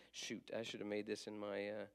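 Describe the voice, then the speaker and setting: A man's voice: fairly low pitch, vocal fry. A man teaching a casual class. He asks questions and answers them himself, and he stops to fix his slips.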